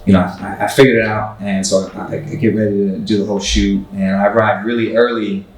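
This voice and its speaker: A man's voice: lowish voice, little pitch movement, fairly quick, a little hiss or hum. A man telling stories as an interview guest in a laid-back, slangy way, swearing casually. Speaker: photographer and musician guest. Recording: echoey room, far from mic, faint music.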